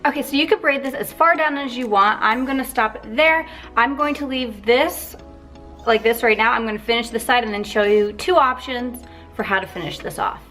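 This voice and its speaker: A woman's voice: on the high side, moderate pace, pushed and bright, faint music behind. Chatty young woman giving hair tips. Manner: chatty, with fillers and asides. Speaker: beauty vlogger. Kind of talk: casual hair tutorial.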